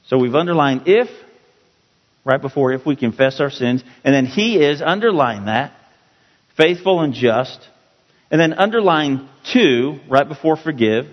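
A man teaching a Bible passage as a pastor, slow and emphatic, repeating key words for his listeners. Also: fairly high pitch, expressive. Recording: dull, roomy hall sound.

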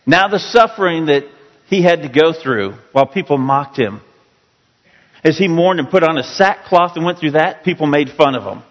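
A man preaching a sermon with a fairly high voice, reading scripture slowly and rising into pleading emphasis. His voice rings with the long reverb of a large church hall. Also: animated. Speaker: pastor.

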